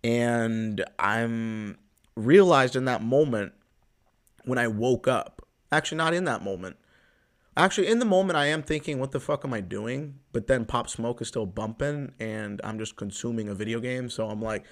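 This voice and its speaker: Loose, profane young man telling a story. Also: moderate pace. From US Pacific Northwest. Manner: loose and profane, with sudden jumps in pitch and loudness. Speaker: podcast host. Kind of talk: casual storytelling monologue.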